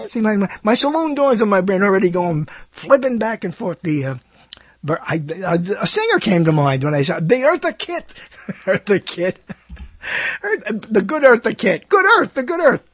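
An older man hosting a radio talk show, rambling through an animated on-air monologue with laughs and self-interruptions, seated in a studio. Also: high-pitched, normal speed, no echo.

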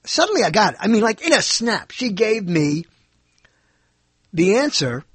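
Middle-aged male host, lively rambling delivery, dry close mic. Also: sits high, normal speed, husky, no room sound. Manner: digressive, self-correcting, chuckles often. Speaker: podcast host. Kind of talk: rambling solo monologue.

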